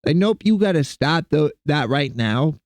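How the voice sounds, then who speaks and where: A man's voice: on the high side, expressive, normal speed, no room sound. A young man streaming from his computer desk at home, rambling and joking with his chat and talking to his cats. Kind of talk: casual live-stream chat.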